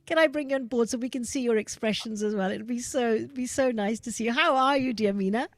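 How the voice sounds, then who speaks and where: A woman hosting a live online gathering, chatting gently with fillers and restarts on a video call. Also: a little high, fast, no echo. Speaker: host. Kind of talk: casual chat and devotional singing.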